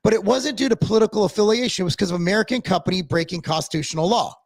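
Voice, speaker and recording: High-voiced man ranting, blunt and profane. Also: no room sound. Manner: blunt, profane, rapid rambling with restarts. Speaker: podcast co-host. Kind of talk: casual chat.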